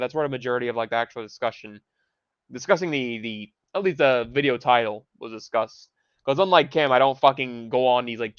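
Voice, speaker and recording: Young man, livestream host, swearing, rambling, medium pitch, dull lo-fi sound. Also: smooth, no echo. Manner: profane, rambling, heated; mixes in Spanish phrases. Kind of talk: ranting livestream commentary. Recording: dull lo-fi home mic.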